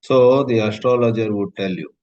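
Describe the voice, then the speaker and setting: A man giving a scripture lecture, telling stories in a lively, conversational way and using Sanskrit terms. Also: fairly low pitch, moderate pace. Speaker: spiritual teacher. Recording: slightly muffled lo-fi recording.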